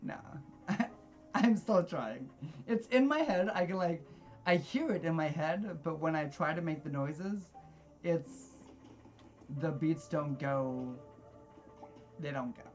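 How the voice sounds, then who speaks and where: A let's play gamer in their thirties gives casual gameplay commentary, blunt and forward, calls themself socially awkward, and laughs often. The medium-pitched voice is animated and darkish, moving slowly with long pauses, with faint music behind.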